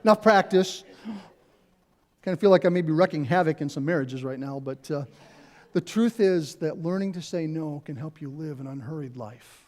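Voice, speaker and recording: A man's voice: a little high, darkish tone. A middle-aged man, a pastor, preaching a conversational sermon in a church, repeating key phrases and adding asides. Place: church sanctuary.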